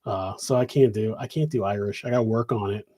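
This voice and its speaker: A man's voice: fairly low pitch, a little fast, dark tone, slightly rough. Rambling middle-aged man, casual host. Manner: loose and meandering, many restarts. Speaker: host answering viewer questions. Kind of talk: rambling live Q&A chat. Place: home office.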